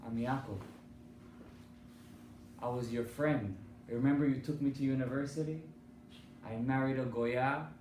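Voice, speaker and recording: A man's voice: medium pitch, fairly bright tone, slight background noise. A man voicing the tormented soul of a dead man who has possessed a woman, with an accusing, pleading manner. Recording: echoey hall from far off.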